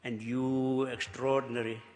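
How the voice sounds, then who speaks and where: A South African archbishop giving a luncheon speech, halting and repeating words, swinging between hushed remarks and exclamations with chuckling asides. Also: male voice, mid-range voice, level tone. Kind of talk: after-dinner speech. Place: luncheon banquet hall. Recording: reverberant banquet hall.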